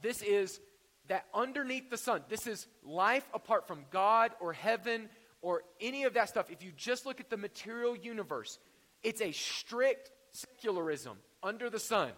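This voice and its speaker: A man's voice: high-pitched, lively intonation, normal speed, a bit bright, in a large hall. A man preaching a sermon in a conversational way, with jokes and rhetorical questions. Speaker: pastor.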